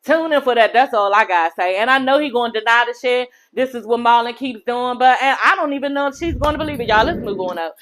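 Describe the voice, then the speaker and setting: A woman's voice: a little high, fast, hardly any pauses, fairly bright tone. A woman recapping a reality TV episode in a casual vlog, sassy and profane, gossiping animatedly to her viewers.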